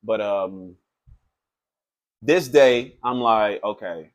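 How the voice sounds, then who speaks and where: A man who works as a tattoo artist, telling a story in a loose, animated, profane way, full of filler phrases. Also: fairly low pitch, extremely slow. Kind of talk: casual storytelling.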